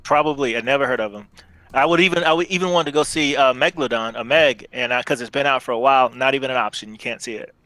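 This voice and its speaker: A man co-hosting a casual live show, explaining his views at length in a measured way. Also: mid-range voice, bright, forceful tone, no room sound, low-quality recording. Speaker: podcast co-host. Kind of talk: casual livestream chat.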